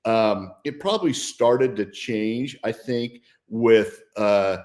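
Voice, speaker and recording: A man's voice: fairly low pitch, takes it slowly, darkish tone. A man in his sixties, a guest on a talk show, telling a story in an upbeat, casual way with frequent restarts. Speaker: guest, former football player. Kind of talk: casual interview chat.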